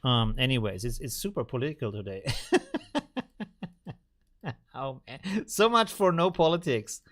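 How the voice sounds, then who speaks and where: A man's voice: mid-range voice, animated, fairly quick, a bit bright. A man hosting a casual live stream, musing aloud and rambling as he reacts to memes. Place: home studio in Vienna.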